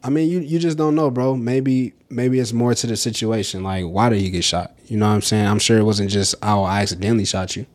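A man's voice: medium pitch, steady tone, fairly quick, few pauses, darkish tone. A man co-hosting a podcast in casual chat, laid-back, reading out news and laughing often. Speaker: podcast co-host.

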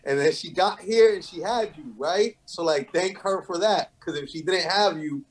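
A man's voice: high-pitched, normal speed. New male co-host, earnest, slangy. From New York. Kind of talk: casual interview chat.

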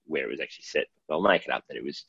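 A man's voice: extremely low pitch, racing, creaky, fairly bright tone, slightly rough, dry recording. A man with an Australian accent, co-hosting a podcast in casual chat and telling stories in a laid-back, jokey way. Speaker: podcast co-host. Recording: dull, dry lo-fi recording.

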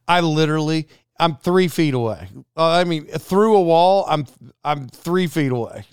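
A man's voice: a little high, moderate pace, clear, resonant tone, dry recording, studio quality. A man hosting a podcast, telling a casual story and acting out the voices of people in it. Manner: animated, acts out quoted dialogue. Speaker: podcast host.

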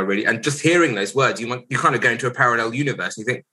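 A man in his forties, a solicitor guest on a podcast, telling a painful personal story candidly, reflective and hesitant with many pauses and restarts. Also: medium pitch, bright, forceful tone, rough recording.

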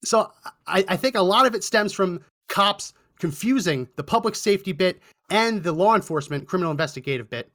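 Bright-voiced sarcastic male talk host. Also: sits high, animated, brisk. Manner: indignant and sarcastic. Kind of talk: storytelling commentary.

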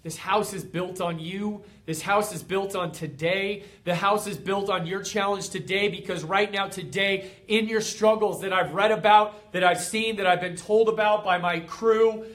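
A man with a notably high speaking voice delivers an energetic motivational talk. He speaks as a coach to his community, fired up and emphatic, and stacks repeated phrases one after another for effect. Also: normal speed, few pauses.

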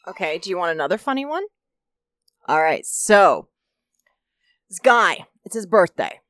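A woman with a somewhat low voice tells a joke story in relaxed podcast chat. She acts out the voices of the people in her story. The sound is close and dry. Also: measured pace, no room sound. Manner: animated narrator, acts out voices in her jokes. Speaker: podcast co-host.

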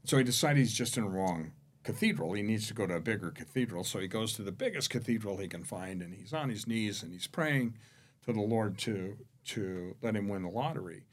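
A man with a fairly low voice tells stories as a podcast guest. He drops to hushed tones and then rises to emphatic points. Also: fairly quick. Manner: animated anecdote-teller, shifting between hushed and emphatic. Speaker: podcast guest, real estate executive. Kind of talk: conversational storytelling.

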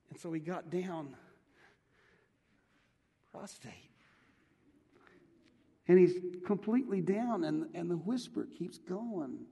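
A man delivers a sermon as pastor, his voice sitting a little high and carrying with a long reverb through the church hall. He talks plainly to the congregation, often doubling back on a word before finishing his thought. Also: animated, a little slow, gravelly, long pauses. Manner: leads the congregation through a quiet breath prayer, repeating words as he restarts.

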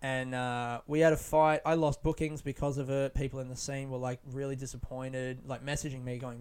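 A man's voice: mid-range voice, moderate pace, hardly any pauses, clear, resonant tone. A young adult man, a comedian, talking frankly in a casual monologue, swearing freely and rambling with restarts. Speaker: stand-up comedian.

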